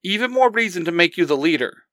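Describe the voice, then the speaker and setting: A man's voice: sits high, expressive, fast talker, sharp tone, dry recording, studio quality, voice pushed up. A man voicing a confident male hunter commander who gives orders in an upbeat, authoritative way. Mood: commanding.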